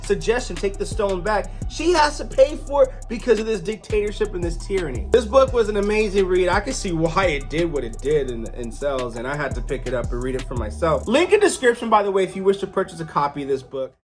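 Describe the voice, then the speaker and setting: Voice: medium pitch, expressive, quick pace, hardly any pauses, faint music behind. A comic book reviewer hosting their own channel, narrating a story casually with jokey asides.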